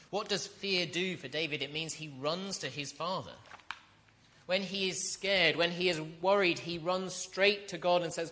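A man preaching a sermon, earnest and direct, asking his listeners questions and building to loud, emphatic peaks. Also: a little high, normal speed. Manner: asks the congregation rhetorical questions.

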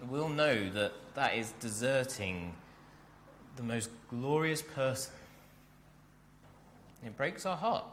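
A man preaching a sermon, animated and speaking directly to his congregation in a church. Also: medium pitch, slow pace, pauses often, in a large hall, slight background noise. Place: church hall.

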